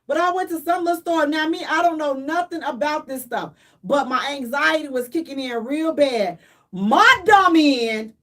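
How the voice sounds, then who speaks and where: A woman's voice: high-pitched, normal speed, fairly bright tone. A middle-aged woman, co-hosting a radio talk show and dramatically acting out her own panic as she tells a story. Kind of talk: animated storytelling chat.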